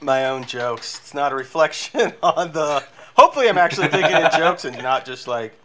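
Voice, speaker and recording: A man's voice: a little high, animated, fairly quick, sharp tone, slight background noise. A man co-hosting a podcast in casual comedic chat, joking and laughing often, drifting off mid-thought. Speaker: podcast co-host.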